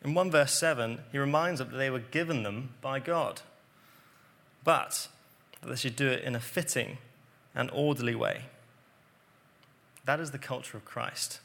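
A man preaching a sermon, explaining scripture earnestly and dropping to quiet emphasis on key points. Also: mid-range voice, moderate pace, vocal fry.

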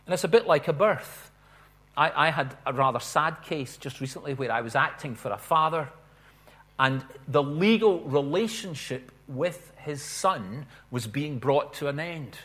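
A man preaching a sermon in an earnest way, swelling and slowing on stressed phrases. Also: a little high, animated, a bit bright.

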